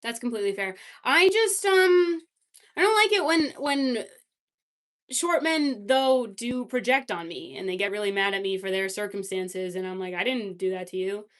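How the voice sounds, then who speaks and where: Woman streamer rambling through her chat, slightly high voice, lots of ums. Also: animated, moderate pace, a bit bright. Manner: chatty, reacting to chat messages, many fillers. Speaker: livestreamer. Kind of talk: casual livestream chat.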